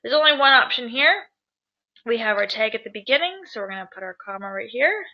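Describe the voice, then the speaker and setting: A woman's voice: a little high, expressive, fairly quick. A woman teacher explaining grammar to viewers at home in a chatty, upbeat way, asking them questions as she goes. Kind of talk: grammar lesson to camera. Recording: dull lo-fi sound.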